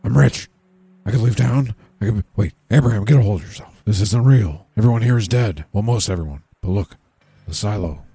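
Man doing a gravelly, rambling, panicky townsman. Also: fairly low pitch, brisk, dark tone, no room sound, exaggerated voice. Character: bumbling self-important townsman hypnotized, man.

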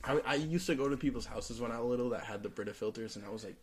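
A man's voice: mid-range voice, very fast, over a noisy crowd. A young man hosting a podcast, chatting casually and rambling with lots of filler words. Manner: rambling, heavy use of "like". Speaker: podcast host. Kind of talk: casual chat.

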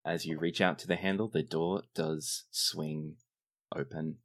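A man running a tabletop game as game master, narrating scenes in a measured, descriptive way. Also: extremely low pitch, fairly even intonation, fairly bright tone.

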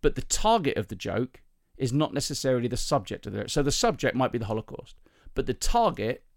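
Gravelly-voiced man telling comic stories. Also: mid-range voice, sing-song, no echo, studio quality. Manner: chatty anecdotal storyteller, self-mocking, halting with ums. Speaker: comedian and podcast host. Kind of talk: casual storytelling chat.

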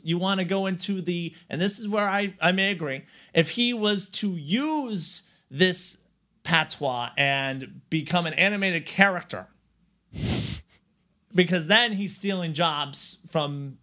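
A male podcast co-host chats casually, rambling and restarting his sentences, with frequent laughter. His voice is high, pushed and bright.

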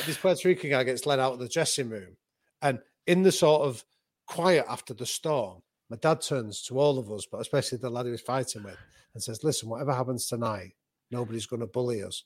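A man, a boxing coach and author, telling a story in vivid anecdotal detail, with quick restarts as he goes. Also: mid-range voice, dry recording. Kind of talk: animated conversational storytelling.

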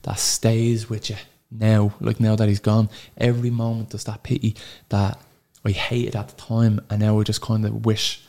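An Irish man in his thirties with a low, gravelly voice and a dark, mellow tone. He tells a painful personal story as a podcast guest, halting often and swearing freely as the sorrow catches up with him. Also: completely flat delivery. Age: 30s.

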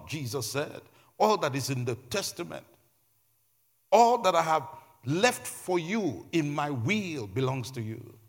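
Male pastor, sermon, lively swooping pitch, husky voice, repeating phrases for emphasis. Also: a little slow. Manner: preaching with repetition and rising emphasis.

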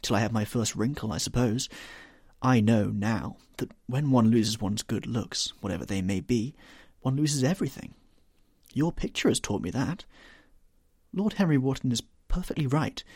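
A man's voice: medium pitch, sing-song, fairly quick, breathy edge, dry recording, clean studio sound, pitched above the performer's own voice. A man reading the part of an anguished, vain young man who dreads growing old, pleading and rising to despair.

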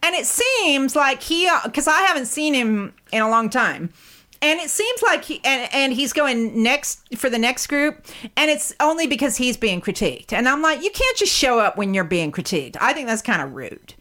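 A woman's voice: sits high, big pitch swings, moderate pace, sharp tone. A woman in casual chat who rambles, stammers and swears often. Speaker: podcast co-host.

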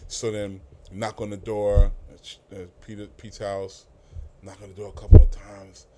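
A man's voice: on the low side, flat delivery, moderate pace, warm tone, slight background noise. A middle-aged man, telling loose, profane stories as a guest in a casual interview, with many fillers and restarts. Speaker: music industry guest.

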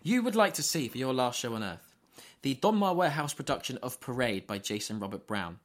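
A man's voice: medium pitch, very animated, fairly quick. Upbeat male podcast host reading a recap. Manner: upbeat, playful list-reading. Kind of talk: casual chat, reading a recap.

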